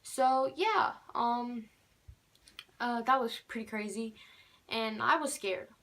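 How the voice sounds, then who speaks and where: A woman's voice: fairly high pitch, slow, bright, forceful tone. Rambling teenage girl telling a story. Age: teens. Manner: rambling, many fillers, keeps repeating "normal". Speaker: vlogger. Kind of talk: casual storytime.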